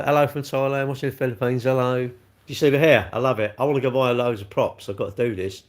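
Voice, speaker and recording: A middle-aged man hosting a casual livestream, chatting and answering viewer comments with swearing and rhetorical questions. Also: medium pitch. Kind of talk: casual chat.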